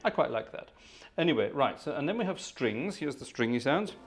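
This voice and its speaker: Speaking fairly quickly in a mid-range voice, a man runs a casual organ livestream from his upstairs room at home. Jokey, chatty, and animated, he thanks viewers by name, and the sound comes from a room microphone.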